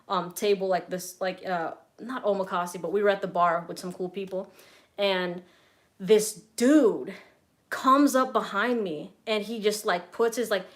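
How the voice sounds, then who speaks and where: Young woman, casual live Q&A host, blunt and chatty, swears a lot, mid-pitched voice. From Southern California. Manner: chatty, blunt, swears freely, reads out viewer comments. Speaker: fragrance reviewer and streamer.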